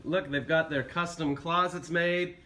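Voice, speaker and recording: A man's voice: fairly high pitch, steady tone, measured pace, bright, forceful tone. A man with a joking, self-mocking manner, hosting a casual walkthrough of a condo unit indoors. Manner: playful, self-mocking, exclamatory. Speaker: host touring a condo.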